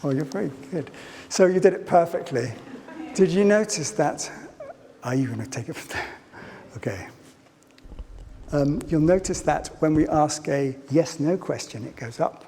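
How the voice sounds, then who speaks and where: Animated and slightly high-voiced, the man talks at a moderate pace with a dark tone, and a little hiss or hum sits under the sound. The lecture hall adds reverb and faint ambience as he gives a playful public talk full of questions for the audience.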